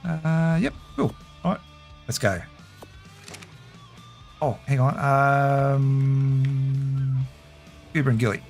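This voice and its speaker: A man's voice: medium pitch, very slow, pauses often, darkish tone, faint music behind. A man casually commentating a game live, chatty and laughing easily while reading his chat. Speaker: game streamer.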